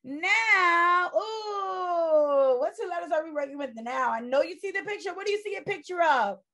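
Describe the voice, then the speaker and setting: A woman's voice: very high-pitched, animated, a little fast, bright, forceful tone. A woman teaching a phonics lesson to young children, stretching out sounds in a sing-song, encouraging way.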